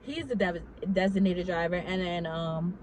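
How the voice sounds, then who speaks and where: A woman's voice: on the low side, normal speed, darkish tone, a little hiss or hum, rough recording. A young woman telling a casual story to her vlog audience. She talks animatedly, swears freely and fills her sentences with "like".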